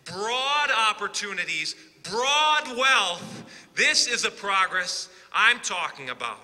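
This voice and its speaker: A man giving an impassioned political rally speech, rising to shouted emphasis with sarcastic asides. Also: sits high, sing-song, takes it slowly, a little hiss or hum. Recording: long reverb of a large hall.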